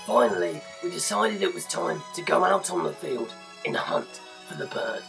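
A man's voice: high voice, normal speed, creaky, loud music behind the voice. A young man hosting a comedic mock documentary outdoors, flustered and exasperated, swearing now and then. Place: outdoors in fields and bushes.

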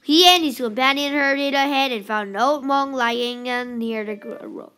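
A woman reading a children's story aloud slowly and simply, with small slips and restarts. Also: high voice, pushed and bright.

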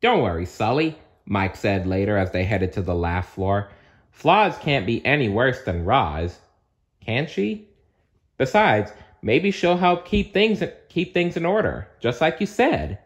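A small, excitable one-eyed male monster, voiced by a man reading a storybook aloud. His voice jumps up high and swings widely. He talks with eager, chatty energy. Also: a little slow.

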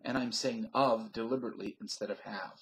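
A man's voice: lowish voice, fairly even intonation, fairly quick, a bit bright, low-quality recording. An older man rambling through a stream-of-consciousness comedy monologue into a webcam at home, laughing at his own jokes. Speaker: vlogger.

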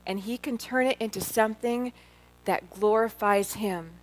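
A middle-aged woman speaking before a live audience, sharing her testimony in an earnest, heartfelt way. She turns often to address her listeners directly. Her voice sits in an ordinary middle pitch for a woman. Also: moderate pace. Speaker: Christian women's speaker. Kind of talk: personal testimony talk.

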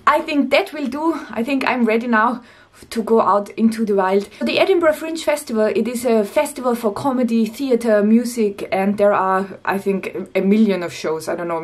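A woman's voice: mid-range voice, moderate pace. A woman from Austria with an Austrian German accent, a stand-up comedian chatting casually and doing comedy with dry, self-mocking humor.

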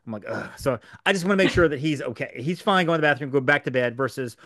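A man co-hosting a podcast, speaking rapidly and filling his explanations with ums and asides. His voice sits a little high for a man. The studio sound is dry and close. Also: no echo. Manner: fast, animated explainer with many fillers. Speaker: podcast co-host. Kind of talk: casual podcast chat.

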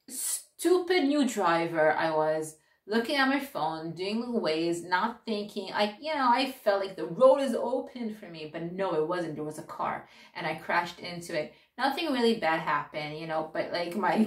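A woman's voice: on the low side, expressive, measured pace. A woman giving a casual spiritual talk, speaking in an earnest, direct and encouraging way. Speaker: spiritual teacher. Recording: roomy echo, distant mic.

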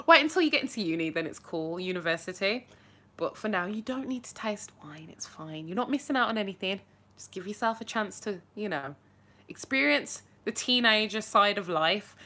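Chatty girl in her 20s, bright sharp voice, rambles on answering fan questions. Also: mid-range voice. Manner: chatty, rambling, lively asides. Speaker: vlogger answering viewer questions. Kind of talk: casual chat.

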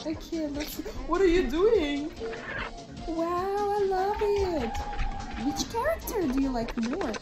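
A woman voicing Pomni, an anxious and excitable young jester, reacting to an animation with gasps and startled exclamations. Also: very high voice, slow pace, full character voice, low-quality recording. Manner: gasping, exclaiming, easily scared. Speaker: reaction video host. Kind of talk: character reaction commentary. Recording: loud background music.

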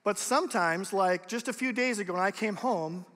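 Young man, youth pastor, casual animated preaching, high voice, long hall reverb. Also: normal speed. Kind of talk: youth sermon.

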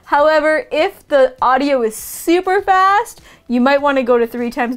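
A young woman who teaches video production, explaining a phone app step by step in a casual, upbeat tutorial. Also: sits high.

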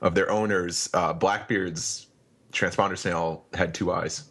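A man's voice: deep voice, fairly even intonation, a little slow, fairly bright tone, slightly rough. A man co-hosting a podcast in casual chat, hesitant and restarting as he lays out theories. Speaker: podcast co-host.

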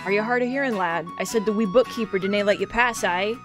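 A woman's voice: mid-range voice, quick pace, over music, natural voice. A woman voicing a sly, friendly male squirrel bard in an attempted Scottish accent, talking in a folksy, wheedling way.

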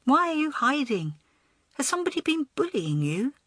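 A woman voicing a caring, spirited young schoolgirl who talks in an earnest, brisk, coaxing way in an audiobook. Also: high-pitched, very animated, sharp tone, no echo, studio quality, pitched above the performer's own voice, exaggerated voice. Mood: concerned. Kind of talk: audiobook character voice.

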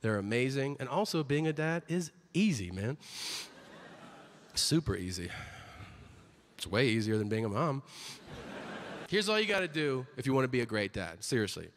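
A man's voice: medium pitch, sing-song, normal speed, long pauses, a bit bright, a little hiss or hum. Wry man doing stand-up in a hall. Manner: wry, incredulous storytelling. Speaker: stand-up comedian. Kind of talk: stand-up comedy set. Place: comedy venue stage. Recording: live stage with long reverb.

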